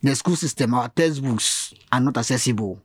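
Brief: man, interview guest, earnest and explanatory, mid pitch, dry close sound. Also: normal speed, breathy edge, no echo. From Ghana. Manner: earnest, explanatory, repeats phrases. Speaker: advocacy guest. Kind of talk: interview conversation.

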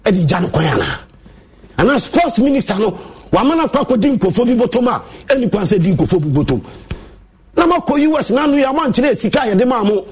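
A man's voice: very high-pitched, sing-song, a little fast, husky. A Ghanaian man, a sports pundit, angrily scolding and insulting his listeners in a heated monologue.

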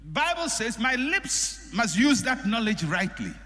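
Animated preaching man in a reverberant hall. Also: extremely high pitch, unhurried. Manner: animated preaching, acting out quoted people. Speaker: pastor. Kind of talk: sermon.

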